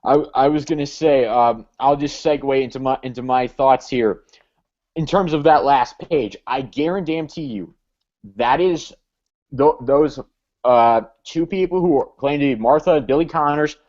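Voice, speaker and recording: A man's voice: medium pitch, unhurried, a little mellow, dull audio. A man co-hosting a casual comic book chat, hesitant, with frequent fillers and restarts. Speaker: co-host.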